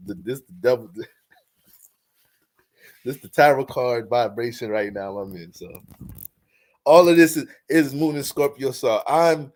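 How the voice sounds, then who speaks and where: A man giving casual astrology commentary in an animated way, joking, swearing freely and laughing often. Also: medium pitch.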